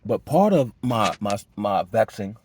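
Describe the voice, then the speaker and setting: With slight background noise, a man speaks a little slowly as he animatedly shares a difficult personal testimony in casual, conversational street slang. He restarts frequently, leans on "you know what I'm saying," and his voice jumps high when he gets emotional.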